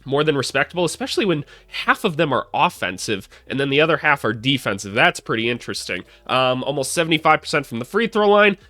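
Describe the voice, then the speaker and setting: A man's voice: mid-range voice, very animated, fast talker, hardly any pauses, sharp tone, no echo, soft background music. A young man, a former college coach, chatting casually and upbeat through a basketball scouting breakdown, a little self-deprecating.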